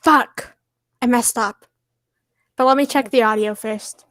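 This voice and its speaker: A woman's voice: on the high side, steady tone, measured pace, a bit bright, dry recording, studio quality. A woman co-streamer chatting brashly with a friend and reading fan fiction aloud, laughing and swearing. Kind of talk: casual chat and reading aloud.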